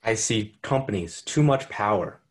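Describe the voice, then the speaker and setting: A man putting on the voice of a gruff male president giving a blunt, clipped campaign speech. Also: lowish voice, expressive, normal speed, natural voice.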